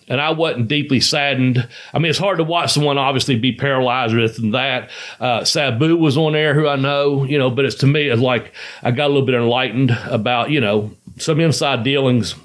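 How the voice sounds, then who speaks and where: A man in casual conversation, telling rambling, profane stories and laughing as he goes. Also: medium pitch. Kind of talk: casual storytelling chat.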